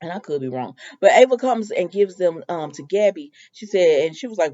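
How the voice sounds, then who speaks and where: Give me a chatty woman recapping a soap, mellow and a bit muffled. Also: fairly low pitch, a little fast, few pauses. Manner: animated storytelling, sassy asides to characters. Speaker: soap opera recap vlogger. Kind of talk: casual recap with quoted dialogue.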